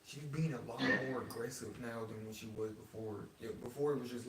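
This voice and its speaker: A man's voice: medium pitch, steady tone, fairly quick, darkish tone, far from the mic. A man on a ghost-hunting livestream, relaying viewer comments and chatting about a spirit. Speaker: paranormal investigator, co-host. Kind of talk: casual livestream ghost hunt. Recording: echoey room with background noise.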